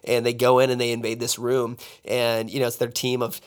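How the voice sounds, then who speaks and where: Animated man in casual chat. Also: medium pitch, clear, resonant tone. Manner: animated, energetic, fast bursts when excited; laughs and jokes. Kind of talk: casual conversation.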